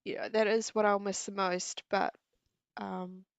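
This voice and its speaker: Unhurried New Zealand woman chatting live. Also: mid-range voice, level tone, vocal fry, smooth, no room sound. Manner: chatty, giggly, talks to viewers. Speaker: craft livestream host. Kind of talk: casual live-stream chat. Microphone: earpiece and mic at desk.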